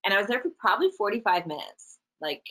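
A middle-aged actress from Canada, telling stories in a casual, animated interview. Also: female voice, mid-range voice, rough recording. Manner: animated, chatty, quick asides. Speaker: actress, guest.

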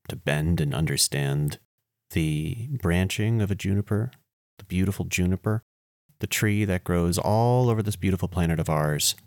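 A man with a very low voice delivers a casual spoken eulogy, playful and wandering, with self-mocking asides. He jumps from excited outbursts to soft murmurs. The recording is close and dry, with no room sound. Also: no echo. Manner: swings between animated outbursts and quiet, low murmurs. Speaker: podcast host.

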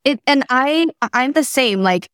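A woman in her thirties hosting a casual chat, animated and full of fillers. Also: high-pitched, a little slow, smooth, dry recording, clean studio sound. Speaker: host.

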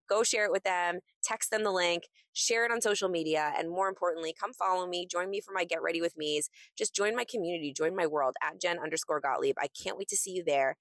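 A woman's voice: on the low side, dry recording. A young adult woman hosting a motivational podcast, talking in a breezy, enthusiastic and encouraging way into a close microphone. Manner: enthusiastic, breezy and encouraging, acts out excited quotes. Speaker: podcast host.

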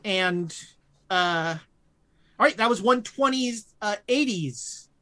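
A woman narrating as game master of a tabletop horror game, halting with fillers and restarts. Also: mid-range voice, lively intonation, a bit bright.

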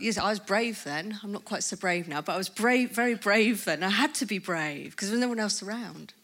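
A woman in her fifties gives a testimony at a conference. Her voice sits at a middle pitch, and she tells her story in a lively way, laughing often and acting out the things people said to her. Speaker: conference speaker.

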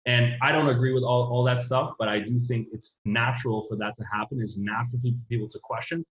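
A man's voice: mid-range voice, fairly even intonation, a little fast. A man talking politics in a rambling, casual way, full of fillers and restarts. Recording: roomy, dull lo-fi sound.

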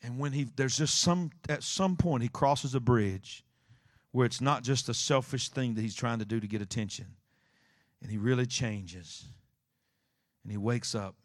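A male pastor preaching a sermon, telling a story with dramatic swings from hushed to shouting. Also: medium pitch, moderate pace, dry recording, studio quality. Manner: animated storytelling, acting out scenes, swinging from quiet to shouting.

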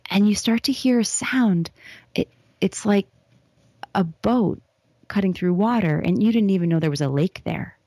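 A woman speaking as an interview guest, leading a slow, soft guided visualization with some words whispered, then talking casually. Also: mid-range voice, no room sound.

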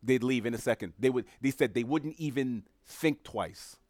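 A man's voice: medium pitch, moderate pace, darkish tone, no room sound, studio quality. A man giving opinionated solo commentary as a podcast host, emphatic and sarcastic, repeating his phrases for effect.

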